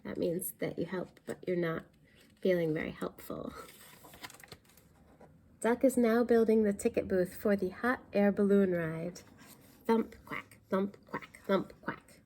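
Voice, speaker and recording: Brief: woman storytime reader, mellow and a bit gravelly, reads a picture book aloud and explains words to kids. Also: mid-range voice, slight background noise. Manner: pauses to explain words for young listeners.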